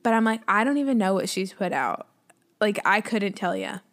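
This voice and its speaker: A woman's voice: medium pitch, normal speed, a bit bright. A young adult woman co-hosting a podcast, chatting casually with playful, jokey asides. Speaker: podcast co-host.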